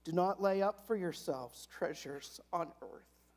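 A woman pastor giving a sermon, reading scripture slowly and with strong emphasis between nervous asides. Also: fairly low pitch, darkish tone. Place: church sanctuary.

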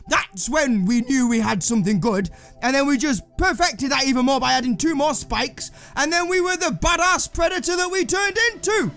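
A man commentating on a video game he plays, excitable and full of swearing, yelps and laughs. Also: very high-pitched. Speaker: gaming video host. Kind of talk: let's play commentary.

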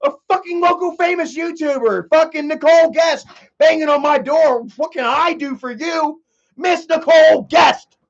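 Starstruck neighbor guy, high and breathless, put on by a man, dull lo-fi audio. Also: normal speed, gravelly. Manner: excited, fawning. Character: starstruck gushing male neighbor.

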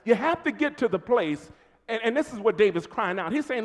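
A man's voice: very high-pitched, a little fast. A man with an American accent preaching a sermon as pastor, calling out to his congregation. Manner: animated preaching, calls to congregation. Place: church sanctuary. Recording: long church reverb.

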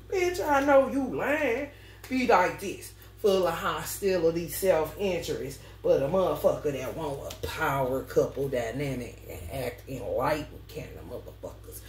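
A woman tarot reader telling stories to her viewers in a casual, profane way, laughing often as she talks. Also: low voice. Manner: animated, laughs often, heavy swearing. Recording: roomy echo, mic at a distance, faint background noise.

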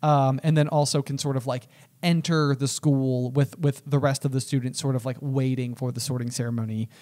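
A man's voice: medium pitch, fairly even intonation, a little fast, darkish tone. A young man co-hosting a casual podcast chat about a book, rambling with many restarts and fillers. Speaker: podcast co-host.

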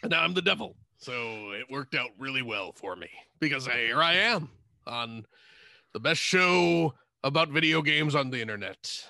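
A man playing a lewd, mischievous male Devil and fallen angel in a comedy bit on a video call, with a gravelly, pirate-like growl. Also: mid-range voice, expressive, normal speed, bright, forceful tone, dry recording, studio quality, exaggerated voice. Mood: smug. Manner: leering, teasing, cackling.

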